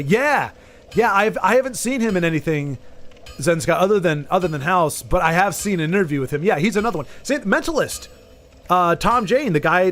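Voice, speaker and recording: Speaking in a high, slightly bright voice with a Southern US Texan accent, a man chats casually with viewers as he streams a game. His talk rambles, often trailing off mid-thought and starting sentences over.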